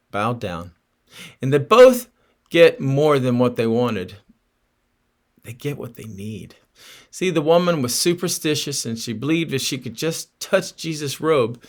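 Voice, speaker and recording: Earnest male preacher telling a story. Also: medium pitch. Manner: earnest storytelling preaching with direct rhetorical questions to listeners. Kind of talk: sermon.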